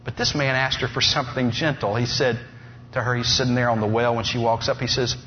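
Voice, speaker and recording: A man preaching a sermon, telling stories with lively energy and humorous asides. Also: medium pitch, a little fast. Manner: animated storytelling with humorous asides. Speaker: pastor. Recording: dull lo-fi sound with faint noise.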